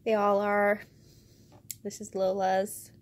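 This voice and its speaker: A woman reviewing a children's picture book, reading pages aloud with expressive enthusiasm. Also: mid-range voice, slow.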